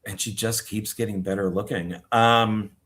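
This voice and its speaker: A man co-hosting a casual podcast, jokey and quick to slip into impressions. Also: fairly even intonation, a bit bright. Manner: jokey, does quick high-pitched impressions. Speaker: podcast co-host. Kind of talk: casual chat.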